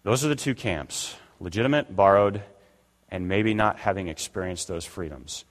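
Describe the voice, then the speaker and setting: Inside a church sanctuary, an older pastor delivers a conversational sermon at normal speed, his low, expressive voice fairly bright in tone as he performs the voices he quotes. A long church-hall reverb surrounds the sound.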